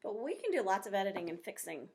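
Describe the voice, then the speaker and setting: A woman teaching a phonics lesson to young children, talking slowly and clearly in an encouraging way. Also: medium pitch, big pitch swings, darkish tone, a little hiss or hum.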